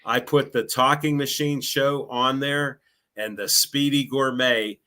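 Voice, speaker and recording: A man's voice: mid-range voice, fairly even intonation, a little slow, pushed and bright. A middle-aged man, telling stories in a chatty, sarcastic way. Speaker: guest, local show host. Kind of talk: casual chat.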